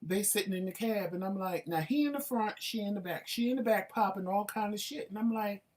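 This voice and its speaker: A man co-hosting a talk show, telling work stories in an animated, emphatic way. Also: high voice, fairly quick, recorded from a distance. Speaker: co-host. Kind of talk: casual chat.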